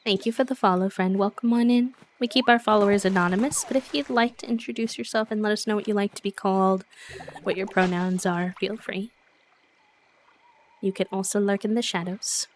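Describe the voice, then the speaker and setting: A woman's voice: mid-range voice, steady tone, brisk, slight background noise. Woman streamer chatting while she plays, laughs a lot, welcomes new followers. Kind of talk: casual gameplay commentary.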